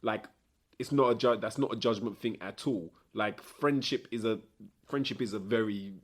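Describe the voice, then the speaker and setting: A man's voice: on the low side, moderate pace. A man co-hosting a podcast, blunt and sweary, laughing often. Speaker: podcast co-host. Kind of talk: casual chat.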